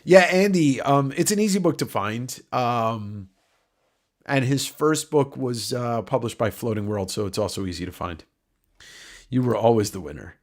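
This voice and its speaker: A man's voice: medium pitch, lively intonation, moderate pace. A man hosting a livestream giveaway, talking casually in a nasal voice, rambling and joking with the odd curse. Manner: rambling, joking, swears freely. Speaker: livestream host.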